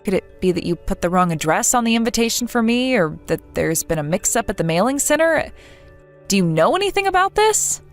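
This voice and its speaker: A woman's voice: mid-range voice, very animated, fairly quick, faint music behind. A woman voicing a young woman in a text-message story who is betrayed by her friend, earnest, bewildered and hurt. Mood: confused.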